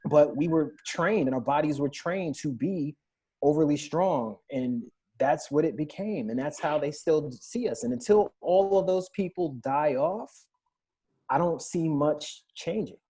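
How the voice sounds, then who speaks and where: A man's voice: fairly high pitch, a little slow, warm tone, breathy edge. A man in his thirties on a podcast panel, earnestly recounting personal stories in a candid discussion.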